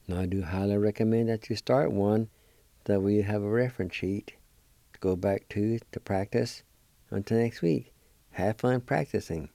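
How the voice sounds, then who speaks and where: A man hosting a weekly language lesson, spelling and pronouncing words slowly and repeating each syllable with care. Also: on the low side, gravelly, mellow, dry recording. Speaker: language teacher and program host.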